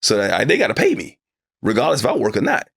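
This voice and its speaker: A man's voice: huge pitch swings, quick pace, creaky, a bit bright, breathy edge, dry recording, clean studio sound. A middle-aged man, a broadcaster guest in an interview, telling a personal story with animation and acting out the dialogue in it. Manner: acts out his own past dialogue, voice climbing high when upset.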